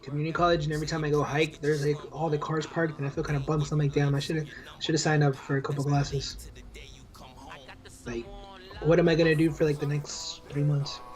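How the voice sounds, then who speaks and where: A young man co-hosting a podcast, telling rambling stories in relaxed casual chat. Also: fairly high pitch, a little fast. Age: young adult. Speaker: podcast co-host.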